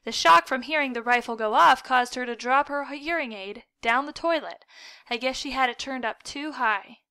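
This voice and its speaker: A woman voicing a frazzled, strict mother who scolds in an exasperated, brisk way. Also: high-pitched, sharp tone, clear, resonant tone, dry recording. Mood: matter-of-fact.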